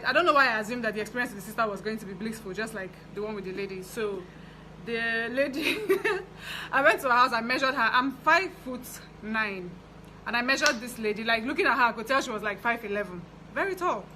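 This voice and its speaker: A young Nigerian woman telling a story from her fashion business in a chatty, animated way. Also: a little high, a little fast, background noise. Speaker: fashion designer vlogger. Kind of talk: casual storytelling.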